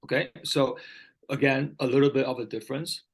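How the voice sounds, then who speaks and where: A man with a mid-range voice speaks in a steady tone, a little fast, sounding creaky and slightly rough on a low-quality recording. He's tutoring English one-on-one in a vocabulary lesson, patiently repeating key words and often checking that his student understands.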